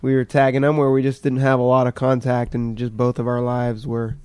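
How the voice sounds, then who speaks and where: A man's voice: medium pitch, monotone, fairly quick, a little mellow, clear, resonant tone, no echo. A man hosting a podcast, talking loosely with an old friend and swearing freely. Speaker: podcast host. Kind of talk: casual conversation with a friend.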